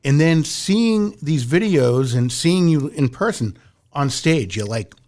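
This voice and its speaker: A male podcast host in a casual interview, conversational and affirming. He talks in halting stretches with a slightly high voice. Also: expressive, darkish tone.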